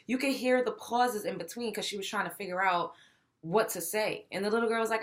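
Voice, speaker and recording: Young woman, bright voice, blunt, profane, animated commentary. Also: on the high side, brisk. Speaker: show host. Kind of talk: opinionated commentary.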